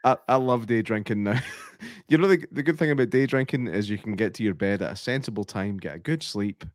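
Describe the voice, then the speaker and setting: A man hosting a podcast, jokey and quick to laugh. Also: fairly low pitch, no room sound, clean studio sound. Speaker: podcast host. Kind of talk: casual podcast chat.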